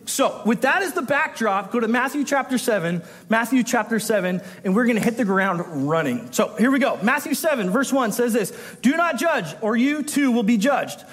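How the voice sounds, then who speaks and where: Guy preaching in a big echoey church, high voice, talks it through casual, does little voices. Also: fairly bright tone, husky. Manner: conversational, self-interrupting, acts out quoted voices. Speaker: pastor. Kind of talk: sermon. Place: church sanctuary. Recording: long hall reverb.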